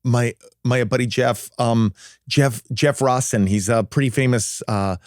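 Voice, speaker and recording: A man's voice: mid-range voice, steady tone, unhurried, dry recording, studio quality. A man in his fifties, a podcast guest, chatting casually and rambling with lots of fillers and restarts. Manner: rambling, self-deprecating, many fillers and restarts. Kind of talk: casual interview chat.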